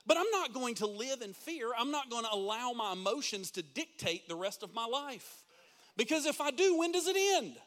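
A man's voice: very high-pitched, pushed and bright. A middle-aged male pastor preaching a sermon in a church, full of rhetorical questions to the congregation. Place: church sanctuary.

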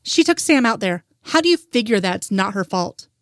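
A woman's voice: mid-range voice, big pitch swings, normal speed, dry recording. Woman narrator doing a resentful dad, cold and blaming, dry close recording. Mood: cold, angry. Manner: cold and accusing. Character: bitter, angry father.

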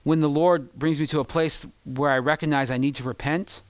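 A man's voice: fairly high pitch, steady tone, brisk, no echo. Impassioned male pastor preaching. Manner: impassioned, swinging from loud peaks to hushed, confessional asides. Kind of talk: sermon.

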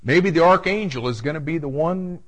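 A male pastor preaching a verse-by-verse sermon in a conversational way, stumbling over restarts and booming out the scripture he quotes. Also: a little fast, fairly bright tone, poor audio.

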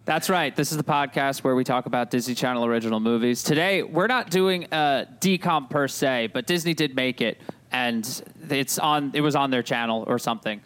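A man's voice: medium pitch, normal speed, fairly bright tone, clean tone. A man hosting a casual podcast, joking and rambling in a self-deprecating way. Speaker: podcast host.

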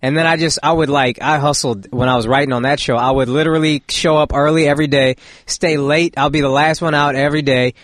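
Fast-talking man comedian, dry close sound. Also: on the high side, steady tone, a bit bright, no room sound. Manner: easygoing, slangy. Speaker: guest comedian. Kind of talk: casual podcast storytelling.

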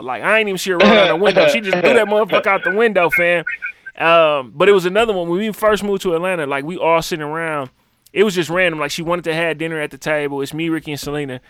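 A man chatting casually, telling animated stories full of profane slang. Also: fairly high pitch, quick pace, no echo. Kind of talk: casual podcast chat.

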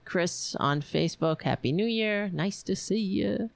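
A woman hosting a live stream, chatting casually in a rambling, halting way, reading viewer comments. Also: medium pitch, vocal fry, no room sound. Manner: rambling, halting, laughs often, chatty with cats. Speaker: livestream host.

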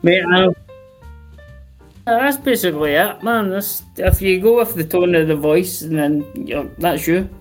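A man's voice: sits high, unhurried, faint music behind. A drunk Scottish man calling in to a live chat show, talking bluntly and swearing in nearly every sentence. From Scotland. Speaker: caller. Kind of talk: casual call-in chat.

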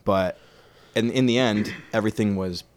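A man's voice: on the low side, moderate pace, smooth. A man co-hosting a casual podcast chat, joking and laughing often, recorded on a close studio mic. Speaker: podcast co-host.

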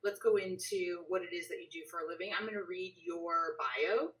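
A woman's voice: on the low side, a little fast. Chatty woman podcast host, a bit distant. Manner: chatty, animated, lots of fillers. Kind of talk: casual interview over a call.

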